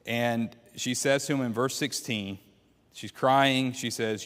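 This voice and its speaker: A man's voice: medium pitch, fairly even intonation, slow pace, fairly bright tone. A man teaching a church Bible class, retelling a story and putting questions to the class. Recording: long hall reverb.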